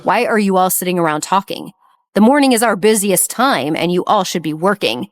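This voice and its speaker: A woman's voice: on the low side, animated, brisk, dry recording, lightly acted. A woman reading the lines of a blunt, teasing male executive in an audiobook. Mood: stern. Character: cocky flirtatious male executive boss.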